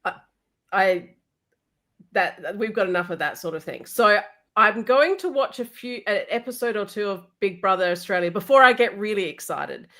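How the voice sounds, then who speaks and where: A woman co-hosting a casual chat, giving dry, measured opinions. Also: medium pitch, animated, fairly bright tone. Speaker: co-host.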